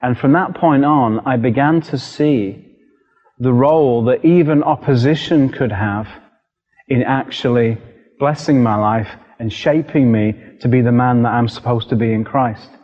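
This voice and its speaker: A British man preaching a sermon as a story, lively and re-enacting scenes with sudden shouts. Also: medium pitch, a little slow. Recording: dull recording with long hall reverb.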